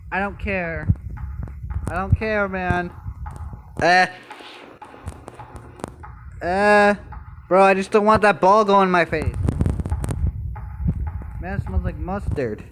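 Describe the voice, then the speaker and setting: A man's voice: sits high, takes it slowly, pauses often, fairly bright tone, a little hiss or hum, low-quality recording. A young man giving nervous horror game commentary, repeating bro and dude as he plays. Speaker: gamer. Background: game music.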